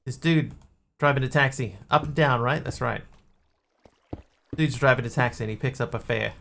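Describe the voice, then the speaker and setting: Streaming a game live, this man jokes around, rambles, and talks to his chat in a gravelly, slightly bright mid-range voice. He speaks at a moderate pace, and there's a little background noise.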